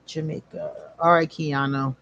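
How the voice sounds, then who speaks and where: A woman, hosting a casual live stream where she reads cards for viewers, animated and quick to laugh. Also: low voice, creaky, no room sound, muffled recording. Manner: animated, laughs often, drawn-out emphasis. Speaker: host doing card readings for viewers.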